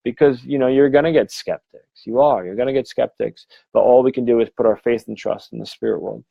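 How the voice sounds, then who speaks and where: A man's voice: mid-range voice, fairly quick, vocal fry, slightly rough, no echo, lo-fi sound. A man, middle-aged, a medium giving a frank, rambling live-stream talk full of fillers and swearing. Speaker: medium and mentor.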